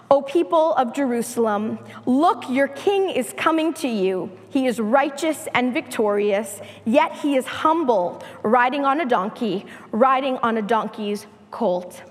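A woman preaching a sermon in a slow, emphatic style, repeating her key phrases. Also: high-pitched, in a large hall.

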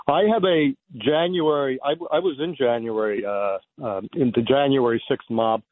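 A man's voice: mid-range voice, normal speed, no echo. A man phones in to a radio show and rambles along in a friendly way, often stopping to search for his words. His voice sits in a mid register. It comes through a thin, tinny phone line with no room sound. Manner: rambling, friendly, full of fillers. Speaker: caller.

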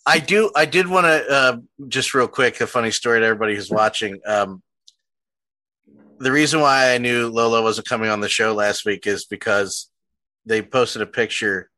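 Chatty Philly-accented man, bright and dry. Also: medium pitch, moderate pace, no room sound. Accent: Philadelphia. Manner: chatty, laughs easily, rambling questions. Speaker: podcast host. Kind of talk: casual podcast interview.

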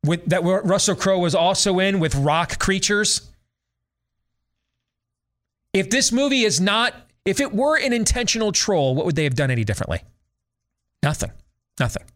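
Middle-aged guy talk host, kinda high voice, sarcastic rant, does mocking voices. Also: sing-song, moderate pace, pauses often, fairly bright tone. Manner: sarcastic, ranting, mimics voices. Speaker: radio talk show host. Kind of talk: opinionated casual monologue.

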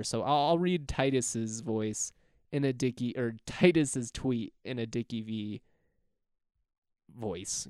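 A man's voice: medium pitch, a little mellow, clean tone, dry recording, studio quality. A young man hosting a casual college basketball podcast, rambling and chuckling as he talks. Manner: rambling, chuckling, self-correcting. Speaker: podcast host. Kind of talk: casual sports podcast talk.

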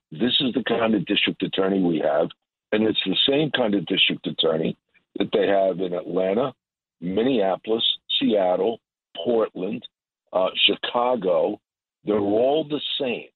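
Deep, husky man on a tinny phone line. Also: no echo. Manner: emphatic, repetitive, indignant. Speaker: guest commentator. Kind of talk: political commentary by phone.

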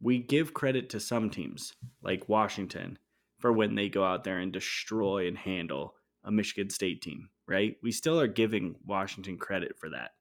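Blunt, opinionated low-voiced man. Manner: blunt, opinionated, quick interjections. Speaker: podcast co-host. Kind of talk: casual sports betting chat.

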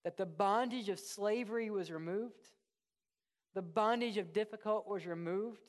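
A man, a pastor, preaching a sermon in an animated way, moving from loud, excited asides to hushed, earnest passages. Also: high-pitched, moderate pace.

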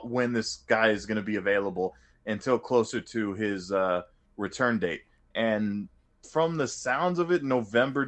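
A man's voice: medium pitch, fairly bright tone. A man co-hosting a casual sports podcast, thinking aloud with stops and repeated words. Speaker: podcast co-host.

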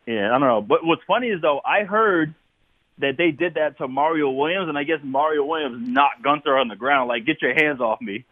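A man, a former football player, talking as a guest in a casual interview, telling animated stories and laughing often. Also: on the high side, fairly quick, dry recording, narrow, tinny audio.

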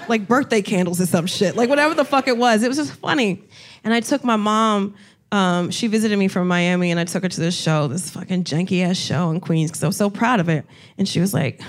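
A woman with a mid-range voice talks fairly quickly. She's a comedian and co-host in a casual storytelling chat, telling stories animatedly, swearing freely and laughing often.

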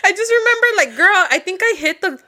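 A woman's voice: extremely high pitch, lively intonation, fast talker, sharp tone. A young woman co-hosting a podcast, telling a story in casual chat, profane and giggly. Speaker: podcast co-host.

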